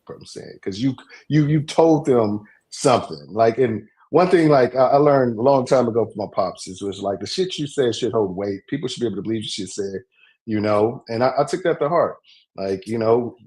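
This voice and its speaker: Mid-pitched male co-host, earnest, reflective, profane. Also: darkish tone. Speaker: podcast co-host. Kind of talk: casual discussion.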